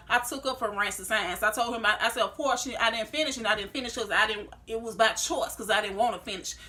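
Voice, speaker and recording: Fast-talking bright woman in her thirties. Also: on the high side. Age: 30s. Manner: heated, reenacts her own arguments with lots of "I said". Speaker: vlogger. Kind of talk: storytime vlog.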